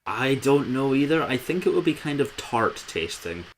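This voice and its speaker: A man's voice: medium pitch, sing-song, normal speed, a little hiss or hum, poor audio. A man co-hosting a podcast, chatting casually about an old film in a wry, amused way. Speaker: podcast co-host.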